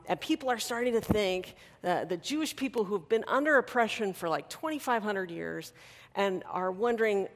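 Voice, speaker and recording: A woman pastor giving a sermon in a conversational, animated way, with touches of humor. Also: medium pitch. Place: church hall. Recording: long hall reverb.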